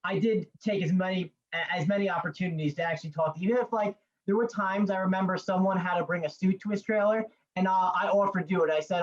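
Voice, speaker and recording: A man's voice: sits high, fast talker, few pauses. A man, a student, telling a story casually in class, hesitant and restarting often. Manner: hesitant, many fillers and restarts. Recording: dull lo-fi sound.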